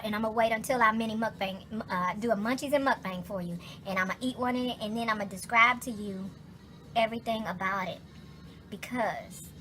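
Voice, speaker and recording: A woman vlogging casually from her kitchen, telling stories in a profane, animated way full of asides. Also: on the high side, a little hiss or hum. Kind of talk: casual kitchen vlog chat. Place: home kitchen.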